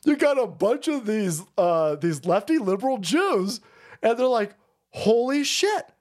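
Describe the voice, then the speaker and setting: Give me a heated, cursing male streamer ranting about politics, lively swings in pitch. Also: measured pace. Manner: foul-mouthed, repetitive, heated. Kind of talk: profane political rant.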